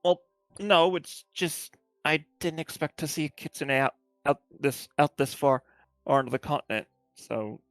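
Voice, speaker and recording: A man's voice: on the high side, unhurried, no echo, faint music behind. Man playing a stammering fox-spirit adventurer. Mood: hesitant. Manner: stammering, repeats words. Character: male fox spirit adventurer, hesitant and polite.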